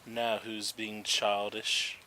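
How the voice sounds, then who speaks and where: Male gaming host, low and bright-toned, easygoing commentary explaining the game. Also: takes it slowly, slight background noise, rough recording. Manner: relaxed, chatty, explains game mechanics as he plays. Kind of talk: casual gameplay commentary.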